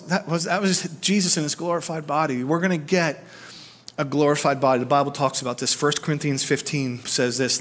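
A man's voice: fairly high pitch, a little fast, fairly bright tone. A man in his forties preaching a sermon as pastor at a church service, talking earnestly to the congregation and building to fervent emphasis.

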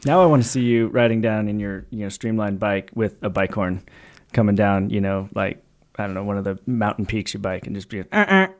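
Male co-host, lowish voice, halting and thoughtful, casual podcast chat. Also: fairly even intonation, darkish tone. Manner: hesitant, searching for words. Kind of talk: casual philosophical discussion.

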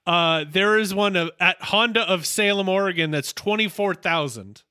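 Man, podcast co-host, casual recap, chatty asides, high voice, very bright tone. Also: moderate pace, clean tone. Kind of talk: casual chat recapping a TV episode.

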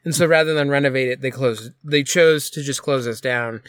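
A man co-hosting a casual podcast, talking haltingly about his old coffee shop job, with many fillers. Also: mid-range voice, fairly bright tone, clear, resonant tone, no room sound, clean studio sound. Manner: rambling, hesitant, with many fillers. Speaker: podcast co-host; former coffee shop worker. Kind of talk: casual chat.

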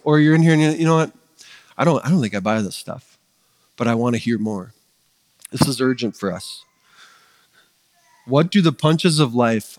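A man's voice: medium pitch, no echo, long reverb tail. A man preaching a sermon as pastor, earnest and conversational, building his points with emphatic rising lists. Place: church sanctuary.

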